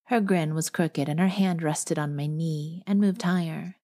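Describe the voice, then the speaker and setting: A woman narrating a romance audiobook in a steady first-person storytelling manner. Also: sits low, measured pace, hardly any pauses. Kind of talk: scripted narration.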